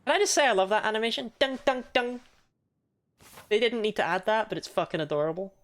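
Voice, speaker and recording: A woman's voice: a little high, fast. A young woman casually commenting on a video game she is playing, chatty, swearing freely and laughing often. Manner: reads game text aloud.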